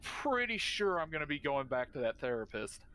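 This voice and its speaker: Man playing an anxious farmer, awkward, rambling, smooth clear voice. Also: fairly high pitch, big pitch swings, normal speed, bright, forceful tone, pitched above the performer's own voice. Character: anxious male farmer who lost his farm.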